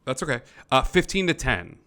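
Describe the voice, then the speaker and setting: Game master, male, bright tone, rambling descriptive narration with frequent fillers. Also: medium pitch, big pitch swings, fairly quick, smooth. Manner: descriptive, with many fillers and restarts. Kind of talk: narrating a tabletop game over a call.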